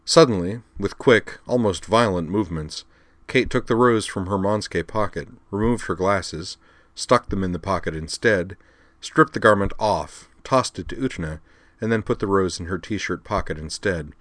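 Low-voiced man reading a story aloud. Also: moderate pace, fairly bright tone, dry recording. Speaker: narrator. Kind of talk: storybook narration.

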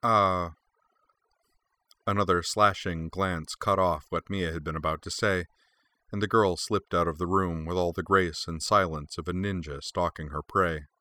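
Deep-voiced male story narrator. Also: steady tone, moderate pace, bright, forceful tone, dry recording. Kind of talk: fan fiction read aloud.

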